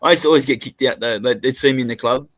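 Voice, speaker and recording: An Australian man tells crude stories in a casual chat, often laughing and putting on voices. His voice is bright and forceful. The sound is close and dry. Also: mid-range voice, rapid-fire, no echo. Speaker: podcast co-host.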